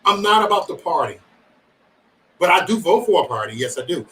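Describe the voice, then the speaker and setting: A man's voice: high voice, big pitch swings, a little fast, a bit bright, far from the mic, poor audio. A man hosting a livestream, chatting casually with viewers in profane, rambling banter and joking threats. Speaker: livestream host.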